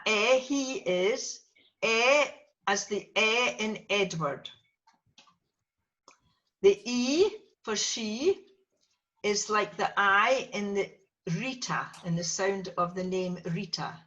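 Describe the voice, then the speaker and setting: A Gaelic teacher with a medium-pitched, bright, pushed voice leads a language lesson for a small class. She patiently says each word so her students can repeat it back.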